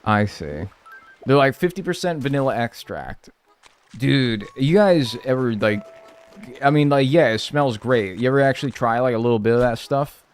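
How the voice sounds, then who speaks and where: A man's voice: medium pitch, expressive, normal speed, clear, resonant tone, soft background music. A man streaming live, chatting casually and joking as he reads and answers his chat.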